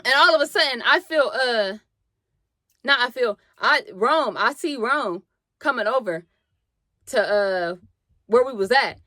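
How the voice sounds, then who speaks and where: A young woman telling a story on her vlog, animated and slangy with plenty of swearing, acting out what people said. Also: on the high side, measured pace, long pauses, dry recording. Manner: animated, slangy and profane, acts out quotes. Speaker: vlogger.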